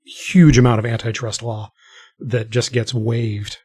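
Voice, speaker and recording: Husky-voiced man with dry asides. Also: medium pitch, flat delivery, unhurried, a little mellow, no room sound. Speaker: podcast co-host. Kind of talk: casual podcast chat.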